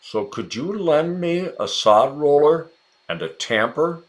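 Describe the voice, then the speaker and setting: An American man teaching English in a relaxed, chatty lesson. He talks slowly and carefully, and his pitch swings up and down a lot. He encourages his viewers and calls out to them by name. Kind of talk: casual ESL lesson narration.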